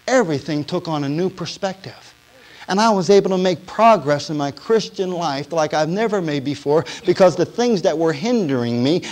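A man giving a sermon testimony to a congregation, telling his story in a storytelling way that drops to a hush and then rises to emphasis. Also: sits high. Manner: storytelling, swinging from hushed to emphatic.

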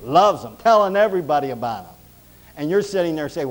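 A man's voice: a little high, expressive, fairly quick, low-quality recording. Emphatic preaching man, voice rising and falling. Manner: emphatic, swinging from loud to hushed. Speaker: pastor. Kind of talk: sermon.

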